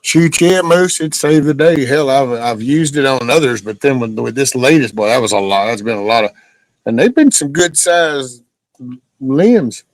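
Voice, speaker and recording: Older guy in his 60s, cussing and chatting to stream viewers, folksy and blunt, regular pitch, dry sound. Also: lively intonation, normal speed, dry recording, poor audio. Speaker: live-stream host. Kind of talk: casual live-stream chat reading comments.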